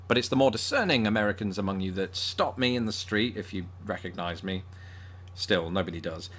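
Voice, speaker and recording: Man, northern English accent, low pitch, bright tone, dry self-deprecating presenter. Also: animated, a little fast. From northern England. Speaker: video presenter. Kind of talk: scripted comedic commentary.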